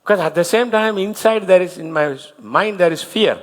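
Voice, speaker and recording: High-voiced animated male preacher. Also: moderate pace. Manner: animated storytelling, leads the congregation in confession. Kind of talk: sermon. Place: church. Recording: long hall reverb, faint music.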